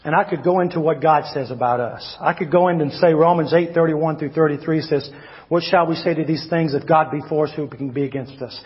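A male pastor preaching a sermon, swinging between loud emphatic shouts and low quiet asides. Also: fairly even intonation, a little fast. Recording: long hall reverb, dull lo-fi sound.

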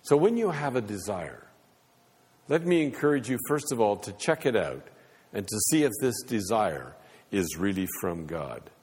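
Man preaching in a reverberant hall. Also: on the low side. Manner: preaching with rising and falling emphasis. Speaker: pastor. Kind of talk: sermon.

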